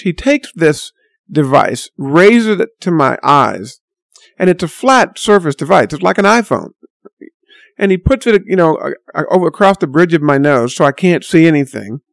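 A man telling a long story in a casual, rambling way, stopping and restarting his sentences often. His voice sits somewhat high and has a strong gravelly rasp. The sound is dry and close. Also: very animated, measured pace, no room sound. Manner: rambling, lots of fillers and restarts. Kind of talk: casual spoken monologue.

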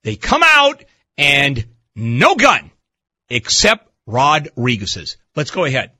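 A man's voice: mid-range voice, huge pitch swings, slow, pushed and bright, no room sound. A man hosting a talk radio show, giving emphatic, pointed commentary. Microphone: studio microphone.

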